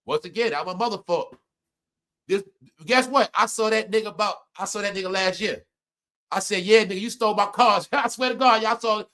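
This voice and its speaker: A middle-aged man telling personal stories to his viewers in casual chat, animated and laughing often, jumping from loud outbursts to low mutters. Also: fairly quick. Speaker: live stream host.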